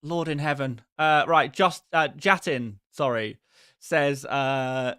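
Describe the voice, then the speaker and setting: A man's voice: medium pitch, animated, measured pace, creaky, pushed and bright, no echo, studio quality. A man hosting a live stream who chats casually with his viewers in a rambling, exasperated and self-mocking way.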